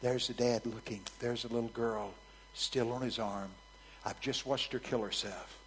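A man preaching a sermon, telling a story vividly in a frank, conversational way that swings from soft near-whispers to loud, emphatic bursts. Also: mid-range voice, fairly even intonation, normal speed, a little hiss or hum, low-quality recording.

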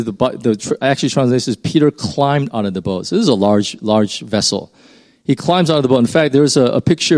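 Brief: male preacher, mid-pitched, loose conversational sermon, frequent emphatic rises. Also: a little mellow. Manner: informal, rambling, emphatic rises.

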